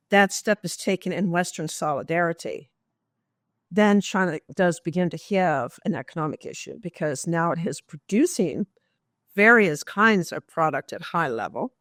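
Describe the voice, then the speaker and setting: A woman answering interview questions at an even, measured pace, leaning on key words and posing rhetorical questions along the way. The sound is close and dry, with no room around it. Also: on the low side, dry recording. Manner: measured, explanatory, with emphatic stress and rhetorical questions. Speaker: guest expert.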